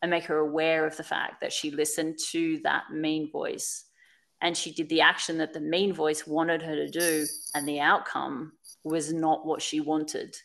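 A woman's voice: low-pitched, level tone, a little slow, creaky, a bit bright. A woman speaking on a podcast in a candid, earnest, reflective way, repeating phrases for emphasis. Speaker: podcast guest.

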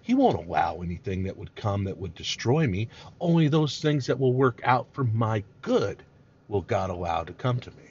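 A man's voice: fairly low pitch, big pitch swings, normal speed, a little mellow, breathy edge. A man preaching a sermon, earnest and emphatic, sometimes acting out quoted complaints. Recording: dull lo-fi recording.

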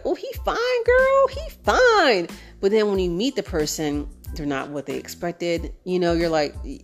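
Chatty woman host with lively asides. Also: fairly low pitch. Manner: chatty and animated, switching into voices for friends. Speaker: podcast host. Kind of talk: casual chat.

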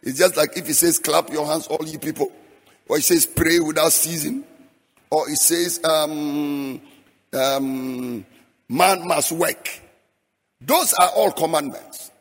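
A man's voice: a little high, slow, husky. Preaching man in a reverberant hall. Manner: rhythmic preaching, breaking into sung phrases. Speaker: pastor. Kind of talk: sermon. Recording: long hall reverb, faint music behind.

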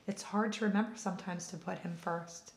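A woman's voice: on the low side, steady tone, a little fast, a little hiss or hum. A woman co-hosting a faith podcast, talking in an encouraging, affirming way. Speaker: podcast co-host. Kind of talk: casual faith chat. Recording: echoey room.

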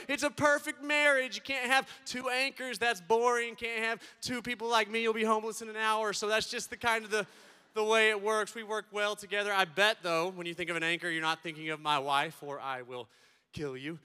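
A man giving a comedic keynote to students, playful and animated, swinging between loud and soft. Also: sits high, moderate pace, smooth. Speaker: speaker addressing students. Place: large event hall. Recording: long hall reverb.

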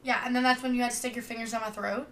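A woman's voice: fairly high pitch, level tone, very fast, a bit bright, slight background noise. A young woman from Louisiana co-hosting a podcast, rambling in casual chat with lots of fillers and swearing. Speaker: podcast co-host.

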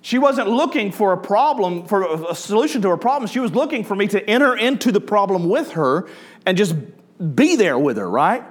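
A man's voice: high voice, big pitch swings, brisk. A middle-aged man preaching a sermon to a congregation, talking in a conversational, storytelling way and asking the audience questions. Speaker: pastor. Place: church before a live congregation.

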